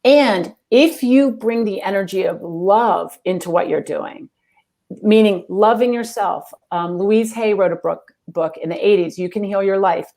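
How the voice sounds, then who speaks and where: A woman guest, an executive coach, giving earnest, fast-moving answers about love and spirituality in an interview. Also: medium pitch, dark tone.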